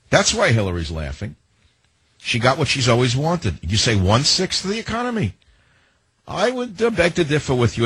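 A man's voice: deep voice, a bit bright, breathy edge, no room sound. A man hosting a political talk radio show, speaking in a sardonic, emphatic monologue that keeps repeating its phrases.

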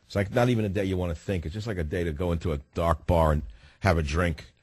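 A man's voice: low voice, steady tone, quick pace, breathy edge, no room sound. A man hosting a talk radio show, sarcastic and wisecracking, from New York. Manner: sardonic, wisecracking.

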